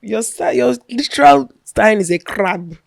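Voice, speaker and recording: A woman's voice: a little high, unhurried, creaky, a crowd in the background. A young woman with a Nigerian accent, co-hosting a casual podcast chat and slipping in pidgin slang. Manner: lively, mixes in pidgin slang. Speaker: podcast co-host.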